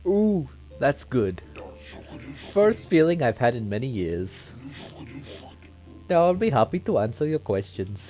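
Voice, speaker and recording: A man's voice: medium pitch, animated, moderate pace, darkish tone, muffled recording, soft background music, close to an everyday voice. A courteous undead zombie with a mock German accent, as a man puts him on. He talks in a raised, formal voice, lonely but cheerful about his rotting state, in a video-game dungeon scene.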